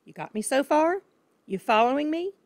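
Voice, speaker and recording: A woman's voice: high-pitched, sing-song, normal speed, no room sound, pitched above the performer's own voice. A woman putting on a boastful crooked dad. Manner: blustering, bragging, shouting. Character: boastful crooked car-dealer father, loud and proud.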